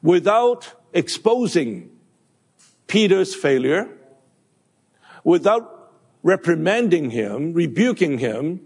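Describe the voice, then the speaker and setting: Man preaching slow and halting, gravelly voice, lots of um and uh. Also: a little high, big pitch swings, darkish tone. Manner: halting, many fillers and restarts. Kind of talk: sermon. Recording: long hall reverb.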